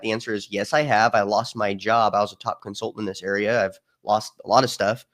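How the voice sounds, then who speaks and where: A man's voice: fairly low pitch, steady tone, a little fast, hardly any pauses, fairly bright tone. A man talking as a podcast guest in a casual political discussion, emphatic and given to storytelling with mimicked voices.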